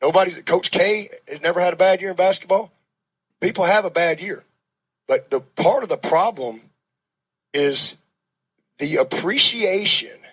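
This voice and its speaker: A man with a high, husky voice answers a press conference question as a football coach. He is defensive and combative and keeps circling back to the same points. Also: a little slow, pauses often, fairly bright tone, poor audio. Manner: defensive, combative, repeating himself.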